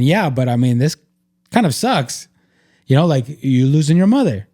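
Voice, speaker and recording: A man in a casual faith-based podcast talk, with a mellow, warm tone. He speaks in an earnest, reflective way, and his sentences are loose and full of "like." The sound is dry, with no room around it. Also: medium pitch, big pitch swings, normal speed, no echo. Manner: reflective, earnest, filler-heavy with frequent "like". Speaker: podcast host.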